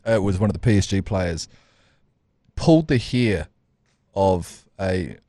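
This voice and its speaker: A man with a very low voice, trading jokes on a podcast. He teases his co-host and swears casually. The sound is dry and close to the mic. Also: warm tone, no echo. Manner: banter, swearing, quick jokes and teasing. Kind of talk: casual chat.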